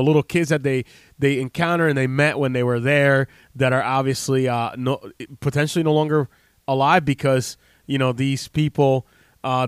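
A health practitioner, an American man in his late thirties, rambles sincerely to camera in a casual monologue riddled with fillers and restarts. He has a mid-range voice with a clear, resonant tone. Studio quality, no room sound.

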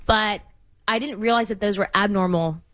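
A woman's voice: mid-range voice, moderate pace, a bit bright. A young American woman, a guest on an interview show, telling personal stories in a rambling, casual way with many fillers and frequent laughs. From United States. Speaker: congressional candidate, guest.

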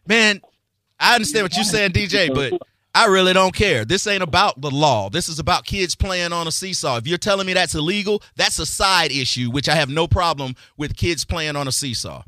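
Radio host, man, brash banter, bright and animated, dry studio sound. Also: on the high side, fairly quick, dry recording. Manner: brash, joking, streetwise banter. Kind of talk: radio talk show.

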